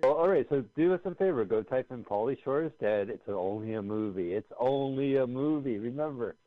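A man's voice: medium pitch, lively intonation, a little fast, dry recording. A man hosting a podcast in casual chat, joking around and rambling through plugs and announcements. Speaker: podcast host. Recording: phone-like dry line.

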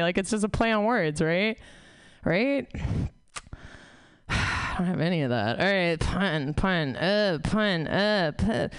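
A woman's voice: fairly low pitch, lively intonation, a little slow, clean tone, dry recording. A woman doing a stand-up set, rambling, swearing a lot and mocking herself. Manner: profane, rambling, self-mocking. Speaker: stand-up comic. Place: comedy club stage.

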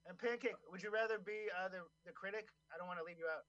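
Quick-talking high-voiced man. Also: fairly bright tone, muffled recording. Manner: quick, profane, organizing. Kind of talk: casual chat. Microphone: video call.

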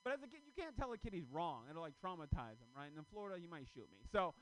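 A man in his thirties doing a stand-up comedy set, telling stories with loud, acted-out quotes. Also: a little high, racing, low-quality recording. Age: 30s. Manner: loud, animated storytelling with shouted acted-out quotes.

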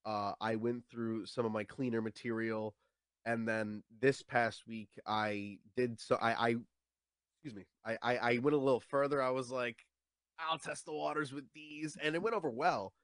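A young man talks casually as a comedian guest. He keeps his voice at an everyday middle pitch and often trips over his first words before the thought comes out. The sound is close and dry, with no room around it. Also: steady tone, normal speed, a bit bright, dry recording. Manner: chatty, repeats words when starting sentences, acts out quoted voices. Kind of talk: casual interview chat.

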